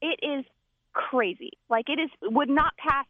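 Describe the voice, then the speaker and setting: A woman telling a comedic personal story, animated and acting out voices as she goes. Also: high-pitched, measured pace, dry recording. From United States. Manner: animated, acts out voices in quotes. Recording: dull, lo-fi dry recording.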